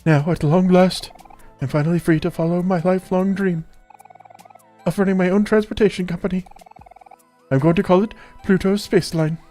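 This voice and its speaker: A man's voice: sits high, steady tone, moderate pace, mellow, soft background music, voice pushed up, close to an everyday voice. A man voicing a proud, theatrical male rogue planet who speaks formally and grandly. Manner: pompous, theatrical, formal speech.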